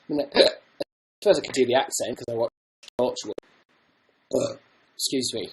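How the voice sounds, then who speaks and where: A man's voice: medium pitch, steady tone, normal speed, long pauses, poor audio. A young man hosting a casual livestream from home. He reads out viewer comments and rambles through self-mocking jokes. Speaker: livestream host.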